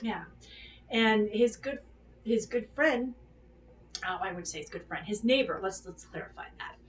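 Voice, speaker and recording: A woman's voice: medium pitch, expressive, moderate pace, far from the mic, slight background noise. A woman hosting a podcast who tells a personal story in casual chat, rambling and candid, swearing freely and acting out what people said. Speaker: podcast host.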